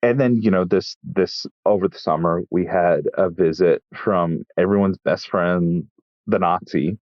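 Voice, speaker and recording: Casting: low-pitched male chef from Texas, dry deadpan raconteur, muffled close podcast mic. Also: measured pace, no echo. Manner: wry, deadpan storytelling with frequent restarts. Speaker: chef and guest. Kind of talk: casual interview storytelling.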